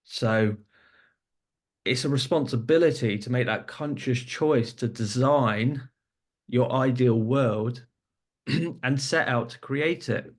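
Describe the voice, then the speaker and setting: A man's voice: medium pitch, slow. A man hosting a podcast, explaining his points earnestly and building them up with examples. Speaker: podcast host. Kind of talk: podcast discussion.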